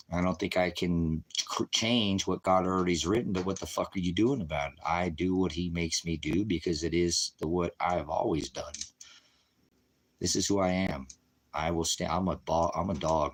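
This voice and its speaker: A man who leads a ministry launches into an angry, rambling monologue, swearing heavily throughout. His voice is deep and slightly rough.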